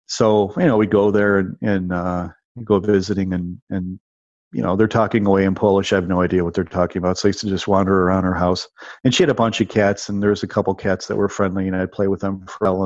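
A deep, darkish male voice belongs to a guest in his fifties who tells personal stories in a loose, rambling way. He keeps restarting and repeating words, peppering his speech with "you know" and "like." There's no echo on this dull, dry, lo-fi recording.

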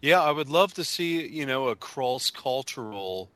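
A man co-hosting a casual discussion, talking haltingly with many restarts and "you know"s. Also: mid-range voice, expressive, bright, forceful tone, no room sound.

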